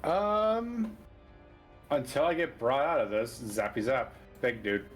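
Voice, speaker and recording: A man's voice: mid-range voice, sing-song, slow pace, soft background music. A man playing in a tabletop game, laid-back and playful as he takes his turn. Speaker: player.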